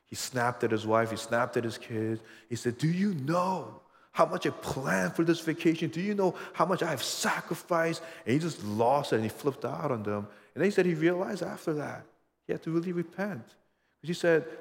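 A man preaching as pastor, earnest and emphatic, leaning on rhetorical questions. His voice sits at an ordinary middle pitch. The sound trails off in the long reverb of a large hall. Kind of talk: sermon.

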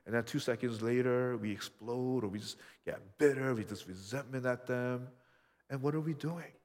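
A man preaching a sermon as pastor, emphatic, dropping low and quiet then rising loud for stress. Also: normal speed, long reverb tail.

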